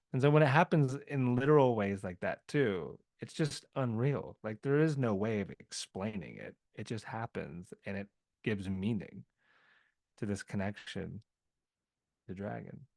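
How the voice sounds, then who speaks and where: A man's voice: lowish voice, expressive, normal speed, creaky, no echo. A man from the American South, a podcast guest telling a story in a loose, rambling way full of filler words. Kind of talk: casual podcast conversation.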